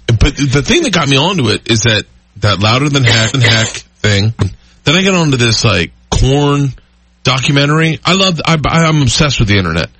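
A man guesting on a podcast, telling rambling, excitable stories with frequent laughter in casual chat. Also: mid-range voice, husky. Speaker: comedian guest.

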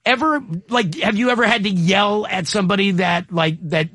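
A male radio host chatting with callers in a joking, animated way, often pausing to find his words. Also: high-pitched, no room sound. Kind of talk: call-in radio chat.

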